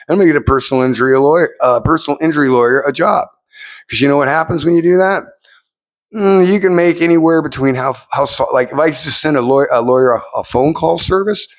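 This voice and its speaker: A middle-aged man vlogging in a casual, rambling monologue, cursing freely and jumping up in pitch when excited.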